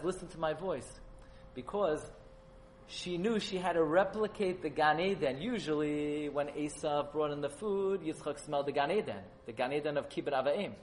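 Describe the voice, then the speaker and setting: A man giving a Torah sermon at a memorial gathering, animated and rising to loud, emphatic peaks. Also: fairly high pitch, poor audio. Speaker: rabbi giving a memorial talk.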